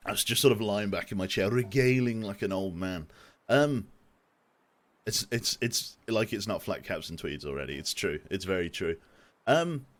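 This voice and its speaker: Young man, game streamer, low voice, animated, joking, swearing, desk mic at home. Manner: jokey, self-deprecating, swears casually. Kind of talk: casual live-stream chat. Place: home room. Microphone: desk microphone.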